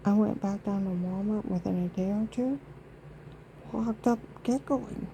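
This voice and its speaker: A woman's voice: medium pitch, measured pace, dark tone, a little hiss or hum, low-quality recording. A woman vlogging in a rambling, indignant monologue, aggrieved and emphatic with many asides.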